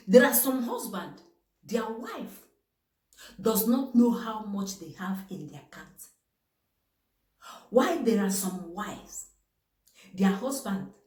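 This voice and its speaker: A woman with a Nigerian English accent lectures her viewers on marriage, slow and weighty, often asking herself "what?" before answering. Her pitch swings widely between low asides and sharp exclaimed peaks. The room around her rings with echo. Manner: emphatic, rhetorical questions, sudden exclamations. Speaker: vlogger giving marriage advice. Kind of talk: preachy advice talk to camera.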